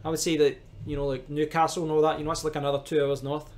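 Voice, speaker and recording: A man's voice: a little high, level tone, rapid-fire, a little mellow, soft background music. Chatty Scottish man streaming live. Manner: rambling, chatty, talks back to viewers' comments. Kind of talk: casual live-stream chat.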